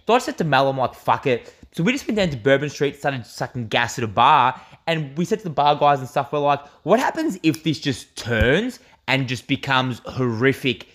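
A man's voice: medium pitch, sing-song, moderate pace, hardly any pauses, fairly bright tone. A young Australian man co-hosting a podcast in casual chat, rambling through a story with lots of fillers and swearing. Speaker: podcast co-host.

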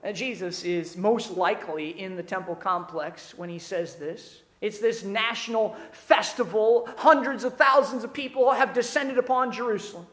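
A pastor delivering an earnest sermon that swells to fervent near-shouting. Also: medium pitch, moderate pace, hardly any pauses. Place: church sanctuary. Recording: roomy echo of a church room.

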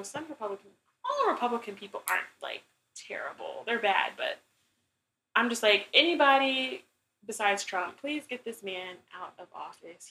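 A woman's voice: medium pitch, bright, forceful tone, a little hiss or hum, low-quality recording. A young woman co-hosting a casual chat, blunt and exasperated, with lots of "like" and restarts. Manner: blunt, exasperated, heavy filler use. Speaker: co-host.

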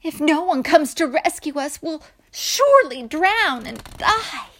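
A woman's voice: sing-song, a little slow, slight background noise, full character voice. A woman crying out as terrified fishermen in a storm. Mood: frightened. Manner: loud high cries. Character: frightened male disciples in a storm.

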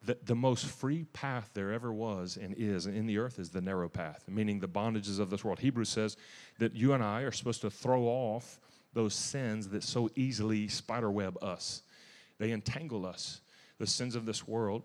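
A man preaching a testimony-style sermon in a church. He is emphatic and zealous, with restarts and sudden loud bursts. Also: lowish voice, steady tone, normal speed, long reverb tail.

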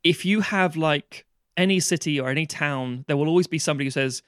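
A man's voice: a little high, a little fast, a bit bright, dry recording. Sweary man ranting, dry sound. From London, England. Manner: ranting and sweary, acting out quoted people. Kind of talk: casual chat.

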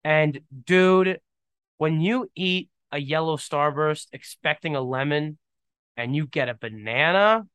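A man's voice: a little high, unhurried, fairly bright tone, smooth, no room sound. A young man hosting a podcast in casual solo chat, rambling and emphatic, often saying "dude". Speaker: podcast host.

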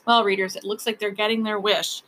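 A woman's voice: medium pitch, little pitch movement, fairly quick, a bit bright. A woman teacher reading a chapter book aloud to third graders, with chatty asides to the children. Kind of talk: read-aloud storytelling.

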